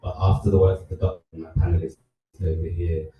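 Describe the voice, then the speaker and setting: A man speaking on a discussion panel, measured and thoughtful. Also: low-pitched, little pitch movement, lo-fi sound, slight background noise. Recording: echoey room, far from the mic.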